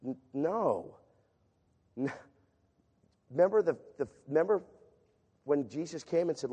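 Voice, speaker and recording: A man's voice: on the high side, unhurried, pauses often, breathy edge. Male preacher in an echoing hall. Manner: animated, sweeping from loud emphasis to hushed reading. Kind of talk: sermon with scripture reading. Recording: long reverb of a large hall.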